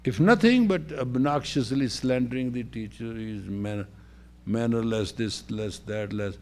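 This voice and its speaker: A man lecturing as a spiritual teacher to a room of teachers, telling stories in halting, slow phrases, swinging between hushed asides and loud bursts and acting out the voices of his characters. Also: medium pitch, slight background noise.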